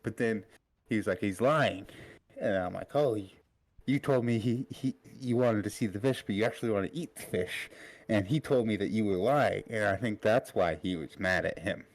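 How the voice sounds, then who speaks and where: Earnest low-voiced male player. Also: moderate pace, no room sound. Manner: earnest, naive, rambling explanations. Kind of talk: casual in-character role-play.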